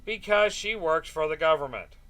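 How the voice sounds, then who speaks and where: Bright-voiced young man chatting on a game stream. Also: fairly high pitch, expressive, normal speed. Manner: chatty, answers chat, trails off with fillers. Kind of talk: casual gaming stream chat.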